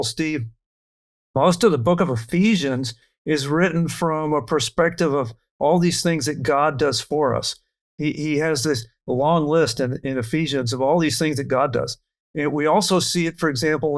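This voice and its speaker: A man leading a verse-by-verse Bible study, explaining scripture earnestly and reading verses aloud. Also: a little high.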